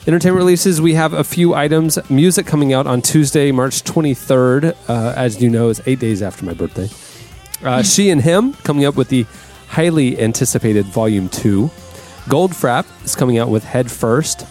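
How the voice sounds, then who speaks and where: A man's voice: mid-range voice, a little mellow, soft background music. Upbeat male podcast host. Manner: upbeat, laughs often, quick asides. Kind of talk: casual chat.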